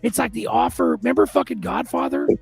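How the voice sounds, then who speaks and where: High, gravelly man swinging his pitch wildly. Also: fairly quick, soft background music. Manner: animated, excitable, swearing. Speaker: podcast co-host. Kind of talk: casual profane chat.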